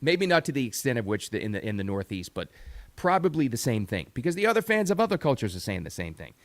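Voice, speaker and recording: A man's voice: mid-range voice, sing-song, fast, no room sound. A middle-aged man hosting a talk radio show, giving an emphatic, opinionated monologue that repeats words for stress.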